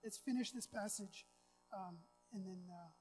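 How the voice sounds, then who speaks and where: A woman's voice: mid-range voice, measured pace, a little mellow, faint music behind, low-quality recording. A woman preaching a sermon, chatty with casual asides, then building to emphatic, repetitive preaching. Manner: conversational, with casual asides and self-deprecating humor.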